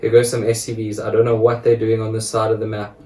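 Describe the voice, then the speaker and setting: A man's voice: on the low side, monotone, quick pace, darkish tone, echoey room, recorded from a distance. A man casually commentating a strategy game with a friend, amused and laughing often. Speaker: gameplay commentator.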